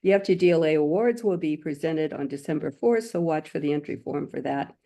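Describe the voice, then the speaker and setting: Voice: mid-range voice, fairly quick. A webinar host reading scripted announcements and speaker introductions in a formal, polished way. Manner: reads from a script, warm and formal.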